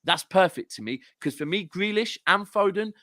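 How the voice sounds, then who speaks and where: A man's voice: sits high, expressive, moderate pace, pushed and bright, no echo, clean studio sound. A man with a southern English accent, a guest football fan ranting animatedly and swearing in casual podcast chat. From southern England.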